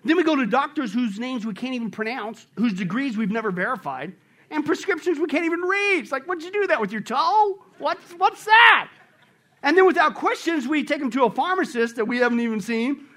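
A man preaching a sermon with great energy, swinging from shouts down to low murmurs. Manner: acts out voices in a joke. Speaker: pastor.

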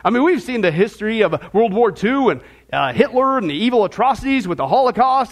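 A man preaches on Bible prophecy with a strikingly high voice. He talks emphatically and conversationally to his audience. He drops in sarcastic asides. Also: very animated, fairly quick.

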